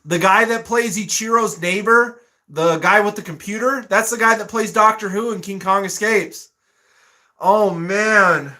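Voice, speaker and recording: A man hosts a relaxed live stream, reading out viewer comments and breaking into frequent laughter. His voice sits high and sounds bright, and he talks at an easy, unhurried pace. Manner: laughs often, reads comments aloud. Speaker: livestream host reading chat. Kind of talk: casual live-stream chat.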